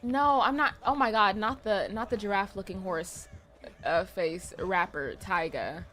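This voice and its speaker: A young adult woman streaming a game, chatting casually with her viewers in animated, profane, slangy banter. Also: medium pitch, measured pace. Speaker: gaming streamer. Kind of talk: casual livestream chat while gaming.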